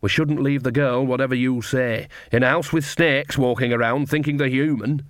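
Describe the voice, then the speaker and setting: A man's voice: medium pitch, steady tone, normal speed, no room sound, clean studio sound, close to an everyday voice. A man reading an audiobook, voicing a chatty, homely old witch woman. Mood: cheery.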